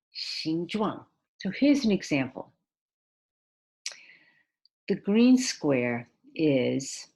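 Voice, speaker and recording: Slow, low-voiced woman teaching English. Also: a little mellow, husky. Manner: patient step-by-step explaining, spells out letters; hesitant, with frequent "uh" and restarts. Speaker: ESL teacher. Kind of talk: recorded video lesson over slides.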